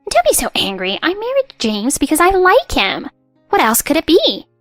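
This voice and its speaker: A woman's voice: high-pitched, huge pitch swings, moderate pace, no room sound, studio quality, soft background music. A woman voicing a haughty, mocking young daughter-in-law in a narrated drama story, with a sneering, dismissive way of talking.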